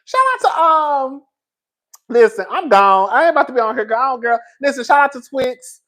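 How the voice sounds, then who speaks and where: A man talking casually to his viewers as a pop culture commentator, in slangy, animated speech and often laughing as he riffs. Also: very high-pitched, normal speed.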